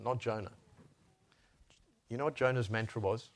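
A man preaching a sermon, swinging between soft hushed lines and loud raised exclamations. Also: medium pitch, steady tone, moderate pace. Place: Brussels church.

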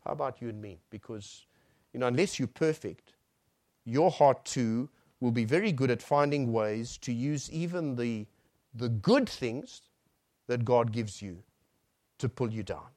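A male preacher giving a sermon. He swells on key phrases and then drops to a near hush. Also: mid-range voice, animated, measured pace, no room sound, studio quality.

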